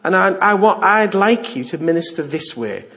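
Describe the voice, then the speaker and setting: A middle-aged man preaching in a lively, jokey way, slipping into the voices of the people he quotes. His voice sits a little high. The recording is dull and lo-fi. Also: normal speed, vocal fry. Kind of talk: informal sermon. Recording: dull lo-fi sound.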